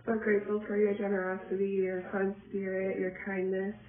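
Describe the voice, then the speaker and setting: A woman's voice: medium pitch, monotone, brisk. A woman friend giving an earnest, slightly hesitant birthday message. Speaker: friend from church. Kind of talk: recorded video message. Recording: echoey, distant, phone-like audio.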